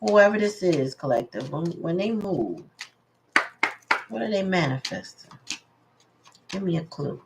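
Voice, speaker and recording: A woman's voice: lowish voice, animated, a little slow, vocal fry, long pauses, very noisy. A woman giving a casual live tarot reading, musing aloud and greeting her viewers. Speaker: tarot reader.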